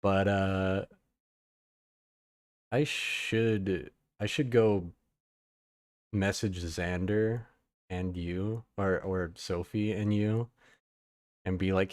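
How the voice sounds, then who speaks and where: A man's voice: deep voice, steady tone, extremely slow, long pauses, dry recording. Guy hosting a live podcast, rambly and sweary, dry close mic. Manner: loose, profane and rambling, reads chat aloud. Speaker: podcast host. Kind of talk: casual live-stream chat.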